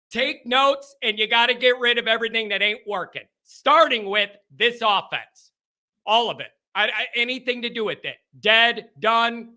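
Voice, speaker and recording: A man hosting a post-game football call-in show, ranting and often shouting. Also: very high voice. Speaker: sports talk show host.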